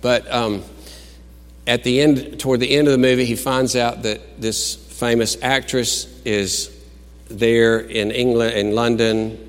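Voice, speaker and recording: A male pastor preaches at an unhurried pace, his words ringing out in a large, echoing hall. He climbs to loud, exclaimed declarations and then drops to quiet, musing retellings of film scenes. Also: fairly low pitch. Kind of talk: sermon.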